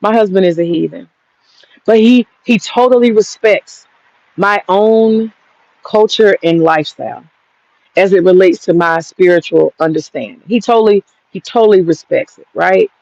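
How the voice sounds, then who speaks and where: A slightly mellow, medium-pitched woman in her thirties speaks at normal speed, confronting a critic in a casual, cursing, combative rant. The recording quality is dull lo-fi.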